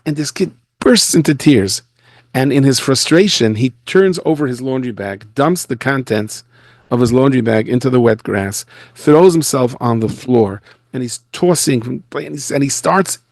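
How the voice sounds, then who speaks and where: A rabbi tells stories in an animated lecture, speaking from his office in a school. His voice sits in a middle range with a gravelly edge, and the sound is close and dry. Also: medium pitch, no room sound. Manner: animated storyteller who acts out the people he quotes. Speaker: rabbi giving an annual lecture. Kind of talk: storytelling lecture.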